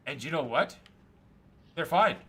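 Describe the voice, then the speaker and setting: A man streaming a game, chatting casually and rambling excitedly through stories. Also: a little high, a little slow, a little hiss or hum. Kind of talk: casual chat while gaming.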